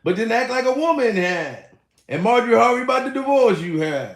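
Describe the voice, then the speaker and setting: A man's voice: extremely high pitch, very animated, brisk, heavily acted. A man doing an impression of a male rapper, taunting and ending every line with a drawled "huh?". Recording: roomy echo.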